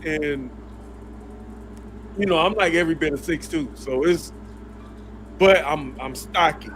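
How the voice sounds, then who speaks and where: A man's voice: fairly high pitch, a little slow, fairly bright tone, slight background noise. A man appearing as a podcast guest, telling casual stories in a laid-back, slangy, rambling way. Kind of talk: casual storytelling.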